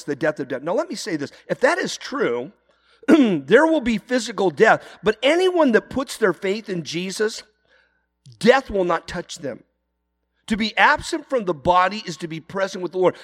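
A man's voice: high voice, fairly bright tone, big-room sound. A man preaching an earnest sermon, his voice rising into emphatic cries. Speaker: pastor.

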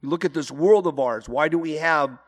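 A man's voice: a little high, normal speed, in a large hall. A man preaching an earnest sermon, his voice rising into emphatic cries. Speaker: pastor.

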